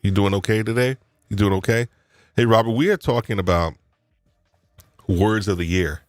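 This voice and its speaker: In clean, dry studio sound, a podcast host from New York speaks with a lowish voice at normal speed. He keeps up playful banter with his guests during the live chat, musing reflectively and leaning on fillers and restarts.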